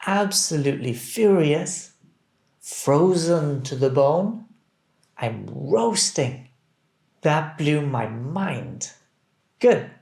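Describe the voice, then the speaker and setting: A man teaching English, reading phrases deliberately and clearly so that learners can repeat them. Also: on the high side, lively intonation, a little mellow. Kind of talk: scripted language drill. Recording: roomy echo.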